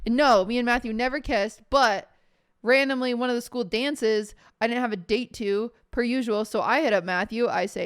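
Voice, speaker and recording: Animated young woman telling stories. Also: a little high, normal speed, clear, resonant tone, no room sound, clean studio sound. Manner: animated, swears casually, acts out quotes. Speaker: streamer. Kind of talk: casual storytelling.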